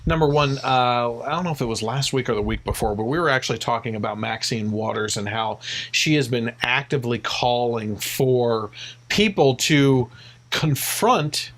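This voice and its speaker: A man's voice: mid-range voice, normal speed, fairly bright tone. A man hosting a casual podcast, opinionated and given to ranting. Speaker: podcast host.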